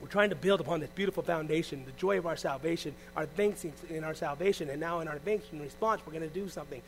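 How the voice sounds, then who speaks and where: A man preaches a sermon as pastor, animated and fast, swinging between loud exclamations and hushed asides. His voice is on the high side, and the recording is rough.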